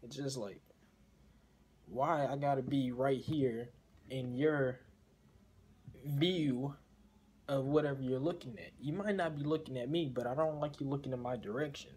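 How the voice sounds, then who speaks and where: A man's voice: mid-range voice, steady tone, unhurried, long pauses, darkish tone, breathy edge. A man reacting to a played story with casual commentary, blunt and profane, rambling through his asides. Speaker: reaction video host.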